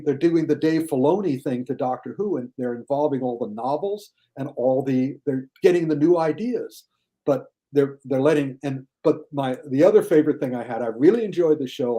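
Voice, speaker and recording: As a guest critic on a podcast, a mellow-sounding man chats casually and with enthusiasm, at times putting on a high, whiny voice to make fun of critics.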